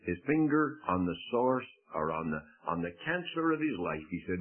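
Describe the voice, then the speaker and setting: A man's voice: low-pitched, sing-song. A man preaching a sermon, dramatic, telling a story with quoted voices. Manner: dramatic, swings from slow to fast. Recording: tinny phone-like radio broadcast.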